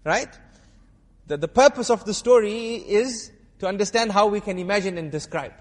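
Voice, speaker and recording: High-voiced male preacher in a reverberant hall. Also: moderate pace. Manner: lively storyteller who quizzes and teases the audience. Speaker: Islamic preacher. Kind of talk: sermon storytelling to a live audience.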